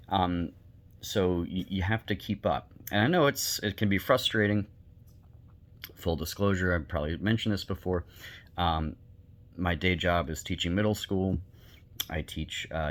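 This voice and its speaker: A male teacher giving a recorded online lecture, talking bluntly and conversationally with many fillers. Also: deep voice.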